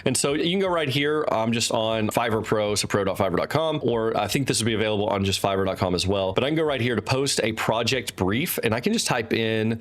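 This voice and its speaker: A man's voice: lowish voice, a little fast. A man, an author and host, walking through a website in loose, unscripted talk at his desk. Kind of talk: casual screen-share walkthrough. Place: desk with teleprompter.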